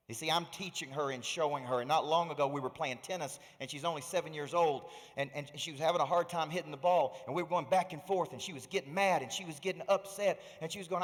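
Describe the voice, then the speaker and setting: A middle-aged man giving an energetic motivational stage speech as a coach, often putting questions to a live audience. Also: on the high side, quick pace. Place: large hall before a live audience. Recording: reverberant hall.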